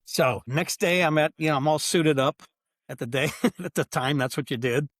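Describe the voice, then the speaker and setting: A man's voice: a little high, moderate pace, no echo, clean studio sound. An older man, a sports executive guest on a podcast, telling anecdotes casually and acting out the back-and-forth of old conversations. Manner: animated anecdotal storyteller, acts out quoted exchanges. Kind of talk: casual storytelling interview.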